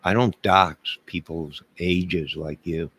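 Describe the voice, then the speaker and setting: A deep-voiced man hosting a livestream, trading jokes with his chat in a mock-offended tone. He talks slowly and lets each line drag out, as if playing up his outrage for viewers. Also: fairly even intonation, a bit bright, husky, dry recording. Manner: mock-indignant joking, talking back to chat.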